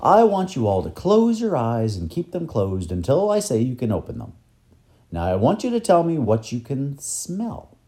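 A man's voice: medium pitch, wildly swooping pitch, normal speed, warm tone, voice pushed up. A man voicing a kindly older male professor in a storybook, speaking in an encouraging, teacherly way.

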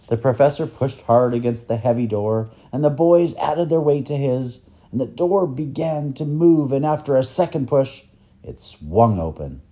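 A man narrating a children's story in an expressive storytelling manner. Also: medium pitch, moderate pace.

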